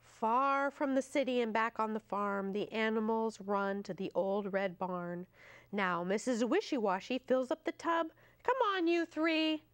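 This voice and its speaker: A woman librarian hosting storytime, reading a picture book aloud to children in a slow, sing-song way. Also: medium pitch, expressive, clean tone, no room sound.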